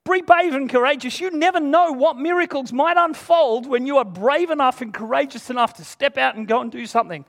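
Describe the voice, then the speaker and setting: A man's voice: extremely high pitch, fairly quick, hardly any pauses, a bit bright. A man preaching a sermon to a congregation, earnest and emphatic, retelling scripture in everyday speech.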